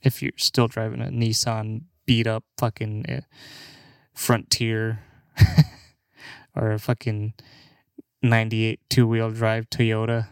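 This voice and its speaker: Slow-talking podcast host, dry sound. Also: male voice, on the low side, completely flat delivery, clear, resonant tone, no room sound. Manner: slow, swearing, laughs between jokes. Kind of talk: casual comedic monologue.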